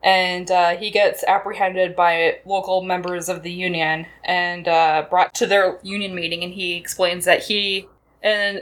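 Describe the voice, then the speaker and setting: A woman's voice: fairly low pitch, fairly bright tone. Chatty woman podcast host. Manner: chatty, laughs often, acts out quotes in voices. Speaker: podcast co-host recapping a film. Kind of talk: casual chat.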